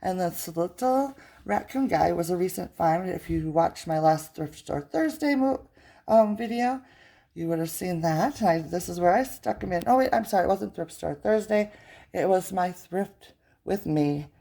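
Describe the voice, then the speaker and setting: A woman's voice: fairly low pitch, lively intonation, normal speed, gravelly, dark tone. A middle-aged woman giving a chatty, gushing tour of her home decor. She uses fillers and stops to search for words. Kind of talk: casual home tour chat.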